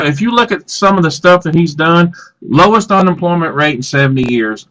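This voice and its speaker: A man's voice: on the high side, a bit bright, rough recording. A man co-hosting live political talk radio, earnest and insistent, lining up his points. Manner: earnest and insistent, lists points with "you know". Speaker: radio talk show co-host.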